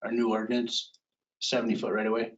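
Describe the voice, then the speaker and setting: Man, board member, fast talker, questioning, repeats himself, dull lo-fi meeting audio. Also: medium pitch, monotone. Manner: quick, questioning, repeats himself while making a point. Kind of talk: meeting discussion.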